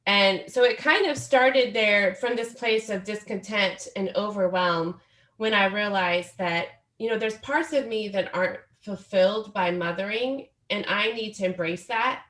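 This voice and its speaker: A woman in her forties speaks as a guest on a podcast interview. She talks in an earnest, reflective way, at a middle pitch. The recording has a roomy echo. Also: a little slow, a bit bright. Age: 40s. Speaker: guest author.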